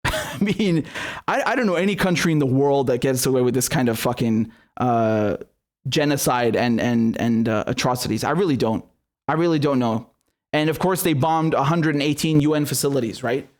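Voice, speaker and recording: A man with a somewhat high-pitched voice delivers a political commentary monologue. He sounds heated and indignant, swears freely and keeps stumbling over restarts as he presses his point.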